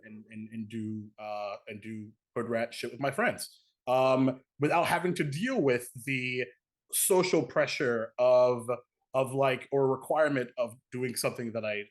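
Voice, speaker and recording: A man moderating a casual panel discussion, talking animatedly with lots of fillers and restarts. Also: mid-range voice.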